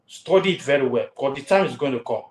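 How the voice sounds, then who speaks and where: A man's voice: mid-range voice, animated, fast, reverberant, poor audio. A man hosting a heated talk show, repeating his warnings with force.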